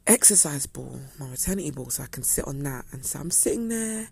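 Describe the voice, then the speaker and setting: A woman's voice: deep voice, lively intonation, brisk, creaky, a little mellow, breathy edge. A young woman telling a story to her viewers in a casual, chatty way. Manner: chatty, acts out quoted dialogue. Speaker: vlogger.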